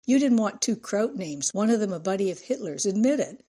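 A woman voicing a cheeky young woman who teases and mocks, in a husky, mellow voice. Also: medium pitch, animated, fairly quick. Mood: mocking. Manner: teasing, cheeky. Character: sassy young woman, mocking smart aleck.

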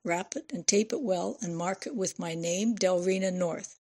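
A woman voicing a shrewd older woman who gives brisk, commanding instructions, with a slight fry in her voice. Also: fairly low pitch, warm tone. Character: shrewd older woman handing over cash.

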